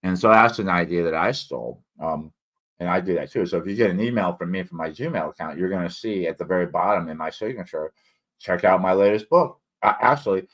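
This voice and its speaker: A low-pitched American man with a bright, forceful edge to his voice, chatting on a solo livestream. He wanders off-topic, restarts his sentences and fills gaps with ums, and some words come out slightly slurred after tongue cancer. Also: fast. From United States. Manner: digressive, many fillers and restarts. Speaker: independent author and solo livestream host. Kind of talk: rambling solo livestream chat.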